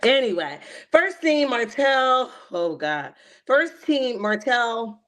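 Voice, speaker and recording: A woman hosts a livestream recapping a reality show, talking in a slightly high, animated voice. She is slangy and emphatic, laughs often, and keeps calling her listeners "honey.". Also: slow pace. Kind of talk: casual livestream commentary.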